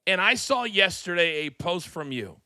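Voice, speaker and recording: Bright, energetic male talk-show host. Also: high-pitched, dry recording, clean studio sound. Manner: energetic, fast promo-style delivery. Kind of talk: live wrestling talk show. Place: studio.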